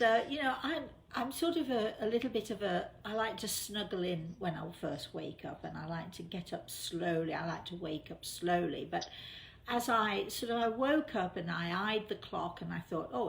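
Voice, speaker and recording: Older woman telling a story, gravelly. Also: fairly low pitch, moderate pace. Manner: chatty, lots of sort of and uh, repeats words for emphasis. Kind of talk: casual personal storytelling.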